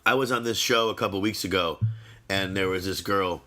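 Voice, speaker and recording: A man's voice: deep voice, a little fast, bright, forceful tone. A man co-hosting a podcast, teasing his friend and asking eager questions in casual chat. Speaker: podcast co-host.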